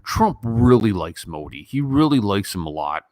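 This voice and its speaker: A man from Gary, Indiana, around fifty, hosting a casual live Q&A, answering viewers with sardonic deadpan jokes and frequent ums. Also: on the low side, normal speed, no echo, studio quality. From Gary, Indiana, United States. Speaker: livestream host answering viewer questions.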